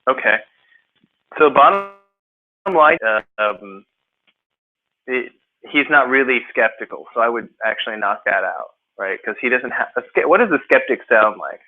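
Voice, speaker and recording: Brief: male test-prep tutor, lively, quizzes students, mid-pitched voice, phone-like sound. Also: moderate pace, pauses often. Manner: animated, questions students, acts out examples. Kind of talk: classroom teaching. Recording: phone-like narrow audio.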